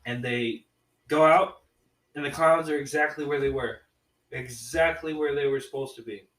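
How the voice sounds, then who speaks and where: A man recapping a horror movie in a loose, rambling way, full of restarts and "man." His voice sits at an ordinary pitch. The room is echoey and he is a little distant from the mic. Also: normal speed, fairly bright tone. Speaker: podcast co-host reviewing movies.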